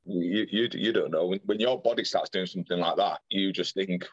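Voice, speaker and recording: A man's voice: low-pitched, brisk, breathy edge, dry recording, highs cut off. A young man, a podcast guest earnestly retelling a personal story in detail, with many restarts and quoted dialogue. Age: young adult.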